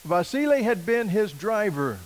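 A man preaching a sermon, telling a story in a folksy, animated way and acting out quoted voices. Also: sits high, measured pace, poor audio. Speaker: missionary preacher.

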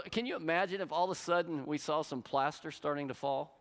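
A man's voice: fairly high pitch, brisk, few pauses. A middle-aged male pastor preaching a sermon, telling stories and acting out the lines of the people in them. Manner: storytelling, animated, acts out quotes. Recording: long hall reverb.

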